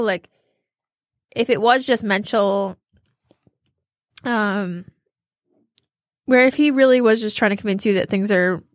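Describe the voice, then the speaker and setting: A woman co-hosting a podcast, telling stories in a rambling, halting casual chat. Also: medium pitch, no echo, clean studio sound. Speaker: podcast co-host.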